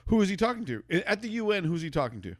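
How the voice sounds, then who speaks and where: A man's voice: high-pitched, big pitch swings, racing, no room sound, clean studio sound. A man hosting a podcast, debating casually, stammering through restarts and swearing as he gets worked up. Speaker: podcast host.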